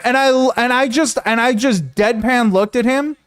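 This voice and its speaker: Man, high-pitched, streamer, casual storytelling, animated, profane, repetitive. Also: moderate pace, few pauses, clear, resonant tone. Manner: animated, profane, repeats himself.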